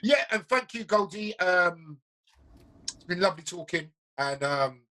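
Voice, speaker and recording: A man's voice: high voice, animated, unhurried, pushed and bright, low-quality recording. A man interviewing a friend in casual conversation, emphatic and stammering, with many repeated phrases.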